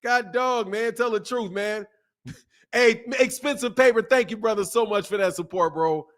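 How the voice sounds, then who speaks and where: A man in his fifties chats on a live boxing stream, thanking viewers and riffing in loose slang. His voice sits a little high for a man, and he laughs often as he talks. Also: moderate pace, fairly bright tone. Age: 50s. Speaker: boxing channel host. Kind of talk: casual live-stream chat.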